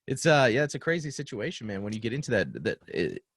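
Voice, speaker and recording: A man's voice: medium pitch, sing-song, fast talker, a bit bright, breathy edge, no echo, clean studio sound. A man co-hosting a casual chat, reacting bluntly and giving short comments. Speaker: podcast co-host.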